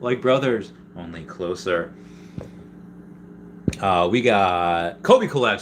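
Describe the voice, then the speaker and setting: Excitable man rambling through a livestream. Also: medium pitch, slow pace, a little hiss or hum. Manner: rambling, excitable, jokey, many restarts. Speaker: livestream host reading chat. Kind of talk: casual livestream chat.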